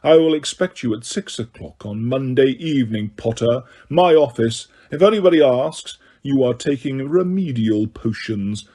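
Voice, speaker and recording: A man voicing a cold, sneering male potions master who speaks quietly, slowly and waspishly. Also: medium pitch, lively intonation, close to an everyday voice. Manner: slow, quiet, silky and waspish.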